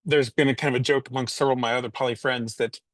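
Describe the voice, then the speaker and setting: Relaxed man chatting, dry sound. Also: mid-range voice, rapid-fire, no room sound. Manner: relaxed, listing points with ums and a laugh. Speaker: panel guest. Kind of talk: casual group chat.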